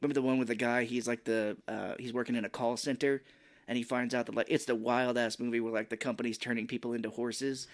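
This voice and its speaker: A man's voice: medium pitch, little pitch movement, fast talker. A man co-hosting a film podcast, chatting casually in a rambling, jokey way and laughing often. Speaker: podcast co-host. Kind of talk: casual movie review chat.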